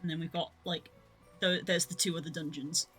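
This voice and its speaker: Bright, playful woman streamer. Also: low-pitched, steady tone, brisk, soft background music. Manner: playful, giggly, reads game lines aloud. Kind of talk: casual game stream chat.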